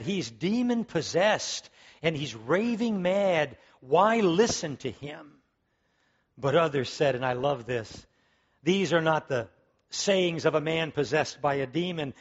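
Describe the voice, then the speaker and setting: A man's voice: fairly high pitch, muffled recording. A man preaching a sermon, emphatic and fervent, repeating key words as he builds to strong peaks. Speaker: pastor.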